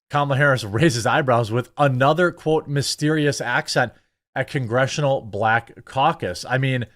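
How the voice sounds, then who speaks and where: Male host, casual political commentary, animated and sarcastic, middle pitch. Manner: animated, sarcastic, lots of fillers.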